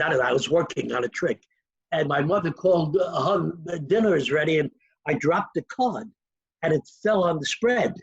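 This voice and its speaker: An older man with a fairly high, gravelly voice tells stories about his past. He brings them to life by acting out the people in them. The recording is dry and dull. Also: no room sound. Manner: animated, acts out quoted voices. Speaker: interview guest, magician. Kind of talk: anecdotal storytelling.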